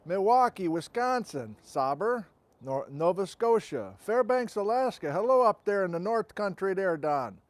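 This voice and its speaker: A man's voice: sits high, very animated, a little slow, dry recording. A man hosting a casual outdoor livestream, chatting and greeting viewers as he reads out where they are from, on a wireless mic. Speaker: host. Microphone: wireless transmitter and receiver.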